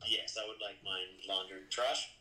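A man's voice: low voice, fairly even intonation, moderate pace, bright, forceful tone. A man playing in a tabletop game, answering briefly and agreeably. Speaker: player. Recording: echoey room.

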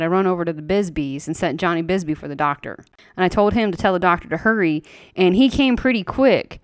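A woman's voice: medium pitch, clean tone, dry recording, studio quality. A woman storyteller giving a dramatic reading of a horror story in rural dialect, telling it in a blunt, indignant, folksy way.

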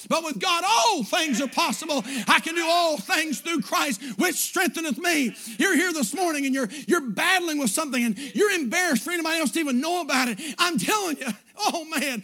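In church, a male pastor preaches a fervent revival sermon, climbing into shouted bursts and then dropping low and quiet. He acts out prayers and quotes in a pleading voice.

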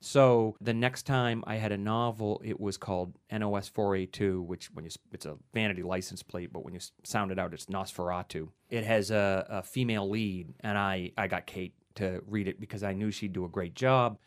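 Male author, lowish voice, earnest and articulate, interview guest. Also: fairly even intonation, normal speed, few pauses, smooth. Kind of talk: conversational interview.

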